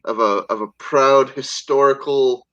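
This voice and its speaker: A man's voice: unhurried, fairly bright tone, muffled recording. A man co-hosting a casual livestream chat, playful and prone to stammering. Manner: playful, stammering, wide swings in pitch. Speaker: stream co-host.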